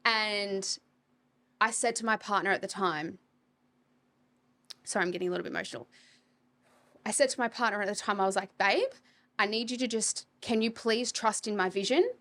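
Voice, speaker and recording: A woman's voice: mid-range voice, fairly bright tone. A woman, a property coach, talking bluntly and with energy in a podcast interview, swearing casually. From Australia.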